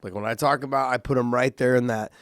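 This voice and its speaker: Guy on a podcast, average pitch, rambly with lots of ums, dry sound. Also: fairly even intonation, fast, no echo. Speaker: podcast co-host. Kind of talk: casual podcast chat.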